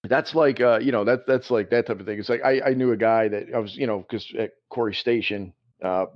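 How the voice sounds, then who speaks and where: A man co-hosting a podcast, telling a story in a casual, animated way with laughs. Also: lowish voice, a little fast. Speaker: podcast co-host. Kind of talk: casual chat. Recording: dull lo-fi podcast audio.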